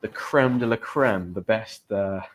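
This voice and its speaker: A British man from Great Britain teaches English on a live stream, his lowish voice unhurried. He chats casually with viewers, greeting them and reading their comments aloud.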